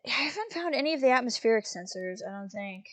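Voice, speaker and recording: A woman's voice: on the high side, animated, fast, a bit bright, no room sound. A young woman streamer, chatty and playful, commenting on a video game live.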